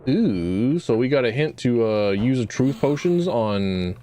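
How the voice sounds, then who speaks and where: A man's voice: medium pitch, lively intonation, measured pace, mellow, slight background noise. A man streaming a video game, joking crudely and often trailing off mid-thought. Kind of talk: casual gaming commentary.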